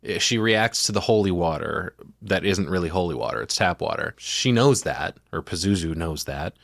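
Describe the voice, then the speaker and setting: A man hosting a podcast, retelling film scenes in an animated, profane way. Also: low-pitched, normal speed, creaky, no room sound, studio quality. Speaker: podcast host. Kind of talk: casual podcast chat.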